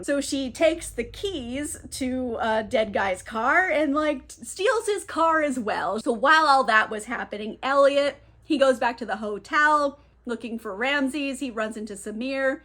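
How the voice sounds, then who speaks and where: A woman's voice: high voice, lively intonation, a little slow, few pauses, a bit bright. A woman recapping a novel in a casual, chatty, irreverent way, full of "like"s. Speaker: book reviewer.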